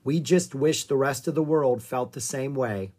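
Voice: medium pitch, moderate pace, mellow, husky, natural voice. A storybook reader voicing a caring adult woman ranger who speaks earnestly. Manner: earnest, urgent.

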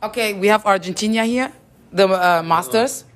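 A woman's voice: medium pitch, normal speed. A woman with a German accent hosting a casual podcast in a pub, playful and teasing. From Turkey. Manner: playful, teasing, laughs often. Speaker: podcast host. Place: busy pub.

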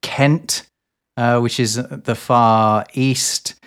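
A man's voice: mid-range voice, steady tone, drawn-out words, clean tone. Man explaining, hedging and thoughtful. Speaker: guest language expert. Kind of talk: casual podcast chat.

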